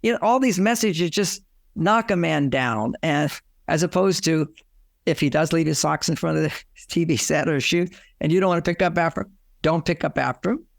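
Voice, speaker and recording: A man's voice: on the high side, gravelly, dry recording, clean studio sound. An older man, a relationship author, telling anecdotes in an interview and acting out quoted dialogue. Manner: animated, acts out quoted dialogue. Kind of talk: storytelling in a casual interview.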